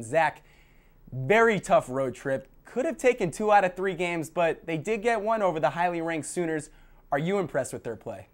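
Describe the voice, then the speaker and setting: A man's voice: fairly high pitch, big pitch swings, moderate pace. A man hosting a student TV sports show, reading scores and questioning his analyst in an upbeat anchor manner.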